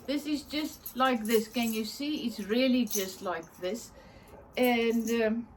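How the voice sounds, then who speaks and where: Slow, high-voiced woman. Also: husky. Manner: chatty, enthusiastic, laughs often, searches for words. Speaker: craft vlogger. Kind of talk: casual show-and-tell.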